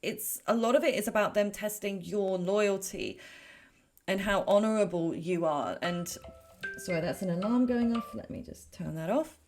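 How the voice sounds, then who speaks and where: A woman's voice: mid-range voice, moderate pace, darkish tone, faint music behind. A woman giving a casual pick-a-card tarot reading in a chatty, rambling way, with frequent fillers and self-corrections. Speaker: tarot reader.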